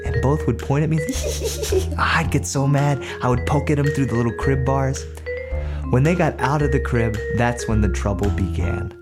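A man's voice: mid-range voice, normal speed, loud music behind the voice. A man telling a family story from his childhood, acting out the voices of his family. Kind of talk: personal storytelling.

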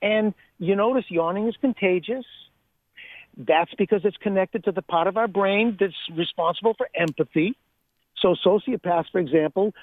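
A breathwork author appears as a radio interview guest, explaining things eagerly, laughing often, and repeating phrases for emphasis. His voice sits high, and the recording is dry, coming over a tinny phone line.

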